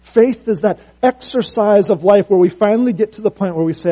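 A man's voice: sits high, fairly quick, mellow. A man preaching a sermon, earnest and story-driven, often repeating words as he restarts.

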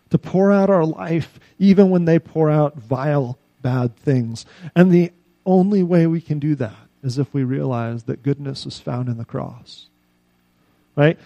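A male pastor preaching a sermon, telling stories and dropping soft at the ends of lines. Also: fairly high pitch, a little slow, no room sound, low-quality recording.

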